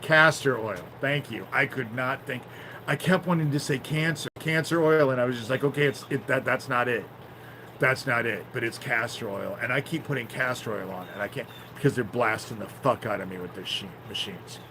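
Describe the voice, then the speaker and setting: A man's voice: mid-range voice, moderate pace, gravelly, a little hiss or hum, rough recording. Man ranting on a phone livestream. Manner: rambling, swears often, flares into shouting anger. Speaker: livestream host. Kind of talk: casual livestream talk.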